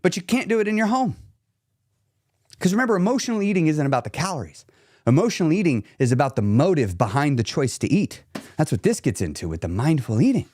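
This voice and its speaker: A man's voice: on the high side, very animated, fast talker, darkish tone, no room sound, studio quality. Blunt, emphatic male weight-loss coach. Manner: blunt, emphatic, repeats key phrases. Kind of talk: live coaching stream reading chat.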